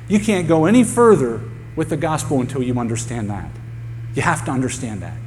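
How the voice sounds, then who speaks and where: A man's voice: medium pitch, a little mellow. A male pastor preaching a sermon to his congregation, emphatic and repeating key phrases for effect. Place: church sanctuary with a congregation. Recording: long hall reverb with faint hum.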